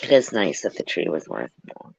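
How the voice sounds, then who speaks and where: A woman's voice: very deep voice, very animated, moderate pace, vocal fry, slightly rough, dry recording, highs cut off. A sentimental woman in a casual vlog, rambling and explaining herself as she reads a children's book aloud.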